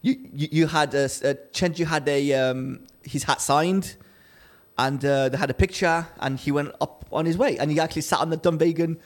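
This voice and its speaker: Animated man telling a story. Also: on the high side, normal speed. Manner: animated storyteller, acts out quotes. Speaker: podcast co-host. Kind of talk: casual storytelling chat.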